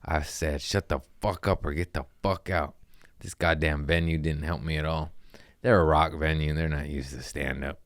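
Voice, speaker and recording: Deep-voiced young guy on a podcast, swears a lot, rambles, says bro, dry close sound. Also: steady tone, moderate pace, dry recording. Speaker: comedian and podcast host. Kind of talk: casual podcast storytelling.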